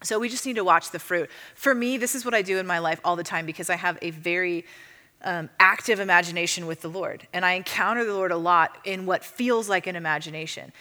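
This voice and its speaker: A woman teaching a church audience in a casual, chatty way, full of fillers and lively storytelling. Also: lowish voice, brisk. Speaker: ministry teacher. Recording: long reverb of a hall.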